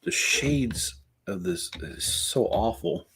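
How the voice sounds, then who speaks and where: A man's voice: medium pitch, sing-song, takes it slowly, gravelly, fairly bright tone, a little hiss or hum. A middle-aged man hosting a casual building stream, rambling as he talks to viewers in the chat. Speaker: Lego building channel host.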